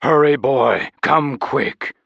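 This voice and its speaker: A man voicing a huge, solemn knight with a deep, booming voice in an audiobook. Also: gravelly, husky, dry recording, muffled recording, exaggerated voice. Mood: urgent. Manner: slow, grave and terse.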